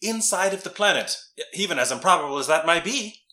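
A man playing a tabletop game in an animated, playful way. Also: a little high, fast talker, roomy sound. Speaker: player. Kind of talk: casual game play.

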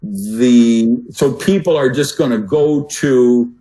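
Older male speaking coach, podcast guest. Demonstrative, varies loudness for emphasis. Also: medium pitch, slow, low-quality recording. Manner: demonstrative, swings voice loud and soft for emphasis.

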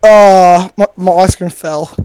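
A young man on a casual podcast call from his garage, swearing a lot and protesting loudly when teased. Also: high-pitched, fairly even intonation, slow, smooth, low-quality recording. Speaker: podcast co-host. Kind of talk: casual chat.

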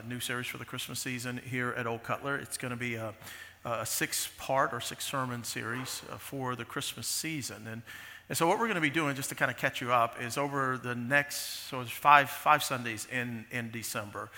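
Male pastor preaching, chatty with lots of restarts, very bright voice, big echoey church sound. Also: medium pitch, vocal fry. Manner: conversational with many restarts and fillers. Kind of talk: sermon. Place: large church sanctuary.

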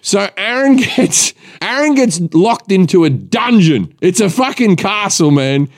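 A man spins comic stories as a podcast guest, his slightly high-pitched voice sitting above the usual male range. He is animated and profane and keeps jumping into quick voices for the people in his tales. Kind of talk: comic storytelling.

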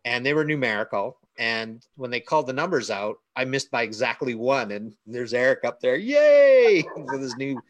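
A man trading jokes on a casual panel. He speaks at a middle pitch, recorded close and dry. His delivery is bantering and easygoing. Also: brisk, hardly any pauses, a bit bright, no echo. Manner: joking, bantering, laughs. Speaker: panel guest.

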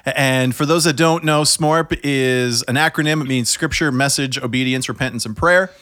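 Male co-host, mid-pitched, calm instructive devotional leader, dry recording. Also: normal speed, no room sound. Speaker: podcast co-host leading a scripture segment. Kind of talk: guiding a devotional discussion.

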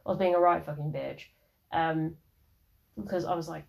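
A woman's voice: low-pitched, fairly even intonation, fairly quick, creaky, darkish tone. A young woman in her early twenties, hosting her podcast and telling a personal story in a frank, rambling way with lots of swearing. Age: early 20s. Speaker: podcast host.

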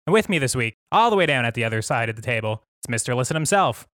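A man opens his podcast with polished, upbeat patter. His voice is middle-pitched. The sound is dry and close with no room echo. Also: big pitch swings, fast talker, fairly bright tone. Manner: upbeat, practiced announcer patter. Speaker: podcast host. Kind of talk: podcast intro.

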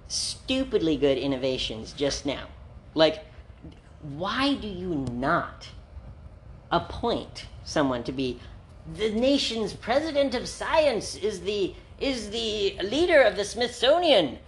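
A woman's voice: fairly low pitch, a little hiss or hum. A woman hosting a comedy podcast who rambles playfully, breaking into giggles and grand mock speeches. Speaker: podcast host.

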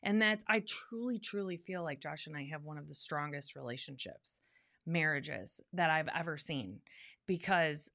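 Earnest low-voiced woman podcast co-host. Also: expressive, moderate pace, gravelly, a bit bright. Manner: earnest, candid, repeats words for emphasis. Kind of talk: casual chat.

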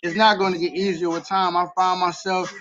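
Hosting a faith-based podcast, a man talks earnestly about grief and belief, leaning on repeated key phrases. His high voice is brisk, a bit bright and flat in delivery, captured in a slightly dull lo-fi recording.

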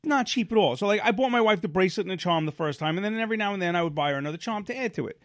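A man co-hosting a casual podcast, his voice sitting a bit high for a man. He spins long, rambling anecdotes full of restarts and asides. The sound is dry and close, with no room echo. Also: rapid-fire. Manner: rambling, animated storyteller with frequent restarts. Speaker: podcast co-host. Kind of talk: casual storytelling chat.

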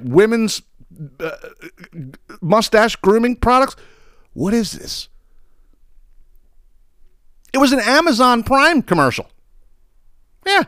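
A man's voice: high voice, a bit bright, dry recording, clean studio sound. A man hosting a podcast, ranting in a casual, comic way, swearing a lot and breaking into laughs as he tells stories. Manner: profane, exasperated storytelling with frequent laughs. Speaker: podcast host. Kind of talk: casual comedic rant.

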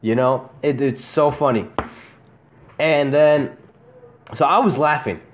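A man's voice: medium pitch, slow pace, a little hiss or hum. A young man hosting a podcast, telling childhood stories in casual chat, swearing freely and laughing often. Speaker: podcast host.

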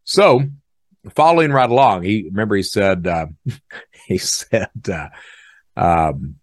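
A man hosting a podcast, telling a story in a casual, animated way and acting out other people's lines. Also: low-pitched, slow pace, no echo, studio quality. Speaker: podcast host.

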